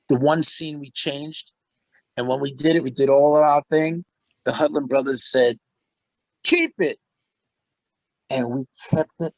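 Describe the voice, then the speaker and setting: Middle-aged man, interview guest, lively storytelling, dull dry recording. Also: a little high, no room sound. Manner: animated, laughs often, acts out quotes. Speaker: interview guest, musician and actor.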